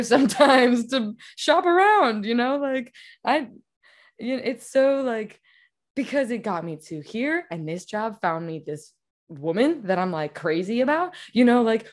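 Woman, reflective and rambling, animated rising and falling pitch. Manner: reflective, rambling with many fillers. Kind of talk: casual chat.

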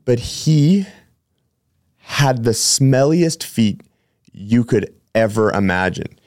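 A man's voice: mid-range voice, animated, takes it slowly, darkish tone, no room sound, studio quality. A man hosting a podcast, a personal trainer telling rambling, chatty stories with many self-corrections. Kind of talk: casual storytelling.

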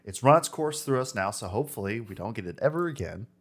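Fast-talking upbeat podcast host. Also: male voice, on the low side, expressive. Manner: upbeat, rapid sponsor shout-outs. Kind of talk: casual podcast chat.

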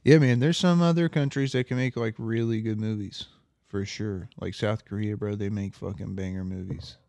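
A man's voice: lowish voice, normal speed, gravelly, no echo. A man chatting casually on a podcast, rambling and swearing as he tells stories. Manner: swears a lot, rambling and animated. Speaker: podcast host. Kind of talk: casual chat.

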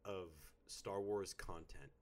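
A man in his thirties co-hosting a casual chat, playful and theatrical, swinging between quiet mumbles and loud outbursts. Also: sits low, fairly even intonation, slow. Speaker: podcast co-host. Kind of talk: casual chat, reading listener notes.

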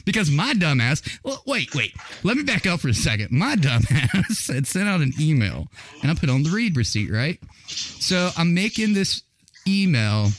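A man hosting a podcast in casual chat, rambling and swearing through his stories. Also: fairly high pitch. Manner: profane, rambling storyteller. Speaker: podcast host.

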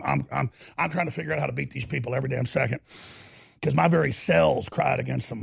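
A middle-aged male talk show host ranting heatedly, often breaking into shouts and growls. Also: mid-range voice. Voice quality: gravelly, husky voice.

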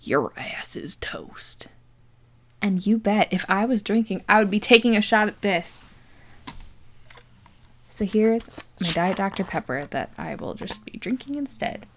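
Young woman, casual podcast host, sarcastic and giggly, swears a lot, average pitch. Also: moderate pace, slight background noise. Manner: sarcastic, laughs often, swears freely. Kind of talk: casual movie recap.

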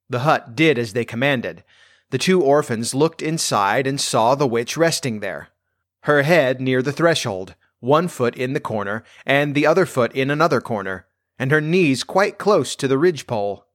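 A man reading a fairy tale aloud in a gentle, measured storytelling manner. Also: medium pitch, lively intonation, no echo, clean studio sound.

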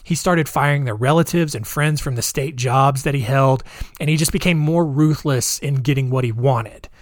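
A man's voice: mid-range voice, moderate pace, dry recording, clean studio sound. Casual man telling a history story. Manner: conversational, many fillers and asides; jokey, wry asides.

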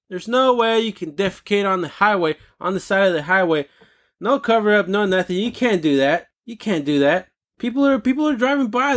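Animated ranting man host. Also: on the high side. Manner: animated, indignant, swears freely. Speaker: podcast host. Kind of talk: casual solo rant.

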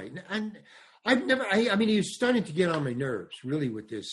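The older comedian-actor's highish voice is lively and fairly quick, carrying a breathy edge. In anecdotal interview style on a podcast, he meanders through a long tale, acting out quotes and repeatedly restarting his sentences.

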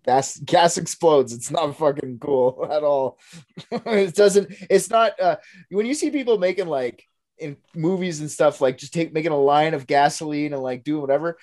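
A man's voice: a little high, moderate pace, darkish tone. A man co-hosting a casual podcast, ranting in a heated, profane way about how people should be treated. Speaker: podcast co-host. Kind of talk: casual true-crime chat.

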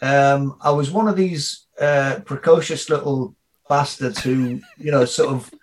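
A man's voice: mid-range voice, fairly even intonation, measured pace, slight background noise. A middle-aged man with a Geordie accent, a comedian guest telling rambling anecdotes in a casual podcast interview, full of fillers and restarts. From Northeast England.

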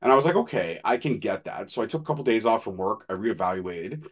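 Man, 30s, podcast co-host, rapid delivery, lowish pitch, candid and profane storytelling. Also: lively intonation. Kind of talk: casual podcast chat.

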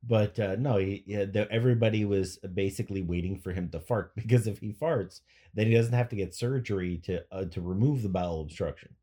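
With a lowish, warm voice and a slightly fast delivery, this podcast co-host wanders through casual banter full of jokes and anecdotes. He tends to trail off mid-thought and restart his sentences.

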